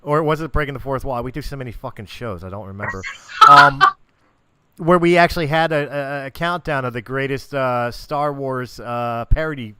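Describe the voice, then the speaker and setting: A man co-hosting a casual podcast, relaxed, asking questions and laughing often. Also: medium pitch, normal speed, clean tone, dry recording. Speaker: podcast co-host.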